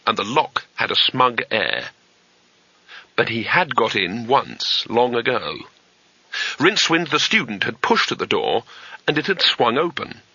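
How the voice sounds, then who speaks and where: Guy narrating a funny fantasy audiobook, really lively delivery, dry slightly muffled sound. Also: mid-range voice, slightly rough, no echo.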